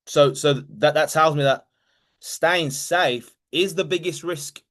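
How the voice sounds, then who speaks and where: Guy, kinda high voice, coaching folks on a call, punchy and repeats himself. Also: slow pace, fairly bright tone. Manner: direct, emphatic, repeats key phrases. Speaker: motivational coach hosting a group call. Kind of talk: motivational talk on a call.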